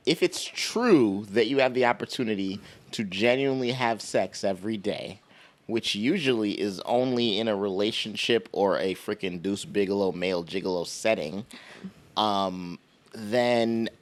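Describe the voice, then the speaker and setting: A man's voice: on the low side, moderate pace. A man co-hosting a podcast, joking around and hedging his words in casual chat. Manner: joking, hedging, many restarts. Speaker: podcast co-host.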